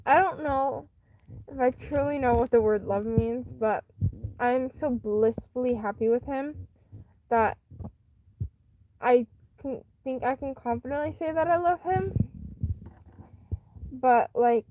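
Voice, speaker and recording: A woman's voice: high voice, takes it slowly, pauses often, highs cut off, slight background noise. A woman hosting a live stream, casually telling a personal story in a rambling, candid way with many fillers and restarts. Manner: chatty and candid.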